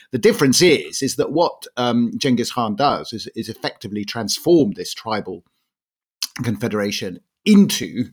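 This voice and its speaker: Fast-talking husky man. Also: fairly low pitch. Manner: explains at length with many restarts and "I mean". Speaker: guest historian. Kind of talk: casual conversational explaining.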